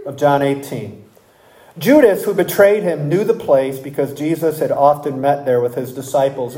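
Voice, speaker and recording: Slow, emphatic preacher in an echoey room. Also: mid-range voice, warm tone. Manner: slow and emphatic, asks the congregation rhetorical questions. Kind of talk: expository sermon.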